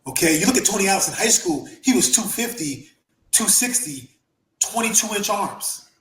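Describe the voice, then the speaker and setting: Lively guy telling a story on a podcast, a bit high voice, echoey room. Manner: animated, quick bursts, acts out quotes. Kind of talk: casual storytelling.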